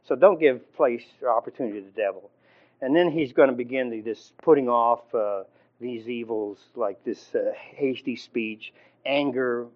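A man teaching from the Bible in an informal sermon, halting with fillers and restarts and often clearing his throat. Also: mid-range voice. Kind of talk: conversational sermon. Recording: dull lo-fi recording.

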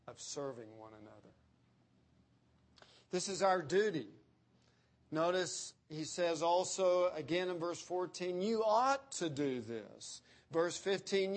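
A man preaching an expository sermon, slowing down to quote scripture and stressing key words. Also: on the high side. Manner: emphatic, slows down to quote scripture. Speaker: pastor.

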